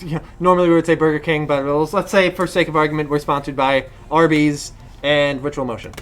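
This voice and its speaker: A man's voice: fairly high pitch, little pitch movement, brisk. A man co-hosting a casual gaming podcast, easygoing and adding wry asides. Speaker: podcast co-host.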